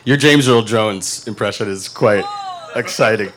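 Excited man hosting a live panel. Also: on the low side, measured pace, slight background noise. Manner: enthusiastic, swears casually. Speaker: podcast host. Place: convention panel before a crowd.

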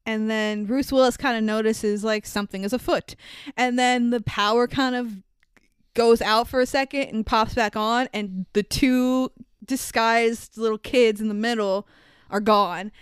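Lady podcaster doing a loose swear-y movie recap, kinda high voice, super smooth, dry close mic. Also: a little slow, no room sound. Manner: animated, swears freely, laughs often. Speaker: podcast co-host. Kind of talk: casual chat recapping a movie.

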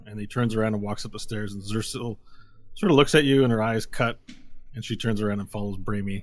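A man running a tabletop game as game master, narrating in a halting way with many fillers. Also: lowish voice, no room sound.

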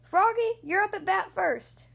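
A woman's voice: extremely high pitch, unhurried, vocal fry, fairly bright tone, pitched above the performer's own voice, exaggerated voice. A woman playing a peppy team-mom coach. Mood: rallying.

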